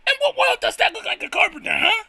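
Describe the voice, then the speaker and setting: A brash little apprentice carpenter creature yaps in a squeaky, nasal cartoon voice, as a man puts it on. His bright pitch bounces wildly, and the sound is dry and close. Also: lively intonation, quick pace, dry recording, full character voice. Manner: brash, rough slang.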